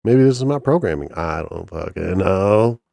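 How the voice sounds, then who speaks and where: A man's voice: deep voice, lively intonation, normal speed, gravelly, warm tone, no room sound. A man casually chatting on a stream, rambling and joking crudely with lots of restarts. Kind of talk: casual profane chat with chat and co-host.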